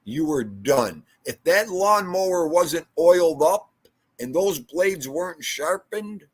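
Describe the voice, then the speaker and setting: A man's voice: fairly high pitch, animated, takes it slowly, breathy edge. A man co-hosting a livestream podcast who tells stories in casual chat and keeps checking in with "okay?". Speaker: livestream co-host.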